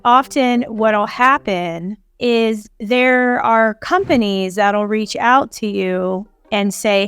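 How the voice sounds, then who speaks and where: Clear-voiced woman explaining business steps. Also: mid-range voice, slow, hardly any pauses. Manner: conversational, acts out quoted callers. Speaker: government contracting coach. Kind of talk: casual instructional talk.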